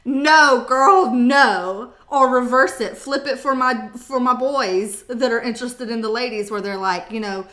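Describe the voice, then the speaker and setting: A woman's voice: a little high, fairly even intonation, normal speed, few pauses, fairly bright tone, reverberant. A woman doing a casual live tarot reading, chatty and jokey, rambling and swearing freely. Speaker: tarot reader.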